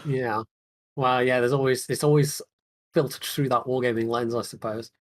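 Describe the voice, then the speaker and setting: A man's voice: medium pitch, fairly even intonation, normal speed. Chatty male podcast host. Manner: chatty, laughs often, trails off. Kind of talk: casual gaming chat.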